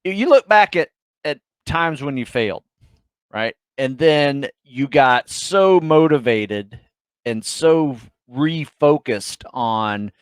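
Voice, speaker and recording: A man co-hosting a podcast in a casual, eager way, full of fillers and soft trailing phrases. His voice is mid-pitched, recorded dry and close with no room sound. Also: expressive, takes it slowly, clear, resonant tone, no room sound. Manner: enthusiastic, uses fillers, trails off softly. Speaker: podcast co-host. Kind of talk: casual chat.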